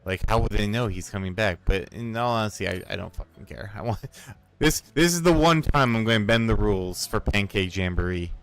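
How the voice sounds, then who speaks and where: A man with a low voice talks casually while he plays, rambling and growing excited as he goes, with a curse thrown in here and there. Faint music plays underneath. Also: a little fast, smooth. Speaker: streamer and storyteller. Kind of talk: casual chat while playing a game.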